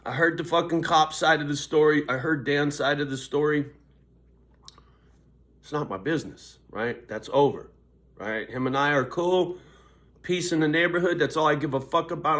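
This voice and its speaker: A man's voice: on the high side, moderate pace, fairly bright tone. An older man vlogging, cursing constantly in a riled-up, confrontational rant. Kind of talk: angry ranting vlog.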